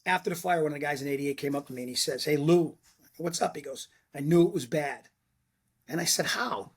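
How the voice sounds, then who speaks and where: A middle-aged man tells blunt stories from the fire service and acts out the quotes with animation. His voice sits a little high and sounds husky. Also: fairly quick. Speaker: retired fire lieutenant, podcast guest. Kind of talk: casual storytelling chat.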